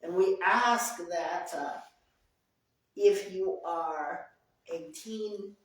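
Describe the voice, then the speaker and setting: Slow earnest woman in an echoey room. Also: lowish voice, recorded from a distance. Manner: earnest, repeats phrases for emphasis. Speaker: group session leader. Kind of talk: talk to a support group. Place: group meeting room.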